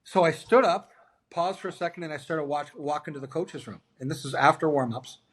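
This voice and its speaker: A middle-aged man spins long, lively anecdotes in a relaxed interview, quoting the voices of others as he goes. His voice sits a little higher than most men's, and he moves it freely up and down as he acts out each exchange. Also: fast talker, breathy edge. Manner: animated anecdotes, acts out quoted dialogue. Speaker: interview guest, former hockey player. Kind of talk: storytelling in a casual interview.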